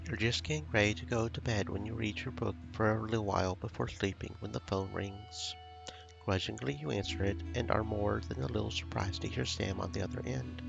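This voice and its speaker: A man streaming a game, reading its story text and dialogue aloud at a slow, somber pace. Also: on the low side, vocal fry, dull audio, music in the background. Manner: reads story text with quiet, somber pacing. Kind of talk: narrating and voicing game dialogue.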